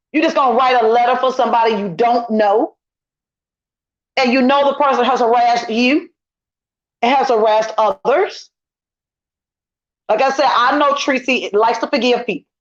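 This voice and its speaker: A middle-aged woman guesting on a casual online commentary chat, talking emphatically and repeating her points as she vents. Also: on the high side. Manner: emphatic, repetitive, indignant venting. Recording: lo-fi dull audio.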